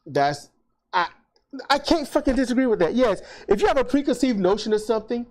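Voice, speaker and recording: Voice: medium pitch, fairly quick. A guest in a casual online discussion over a video call, telling stories with heavy swearing. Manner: animated, profane, storytelling.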